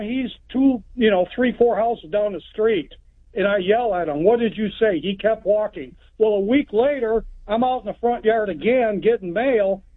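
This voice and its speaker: A man from Texas calls in to a radio show and tells a rambling, plain-spoken story. His voice sits high, and it comes through a tinny, dry phone line. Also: no room sound. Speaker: caller. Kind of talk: telling a story on a call-in show.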